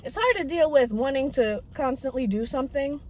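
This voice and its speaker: A woman's voice: high voice, expressive, brisk. A young woman rambling in a casual, self-mocking vlog while she eats, talking with her mouth full, in a parked car. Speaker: vlogger.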